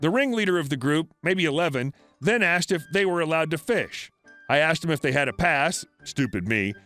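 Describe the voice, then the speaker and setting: A man reading online stories aloud as a scripted narration in a steady storytelling manner. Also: fairly high pitch, normal speed. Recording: faint background music.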